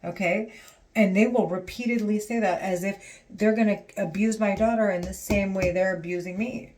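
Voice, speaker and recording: Woman vlogger, unscripted rant, restless and profane, mid pitch. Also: fairly even intonation, normal speed, darkish tone, slight background noise. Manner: agitated, rambling, profane, many restarts. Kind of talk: unscripted monologue to camera.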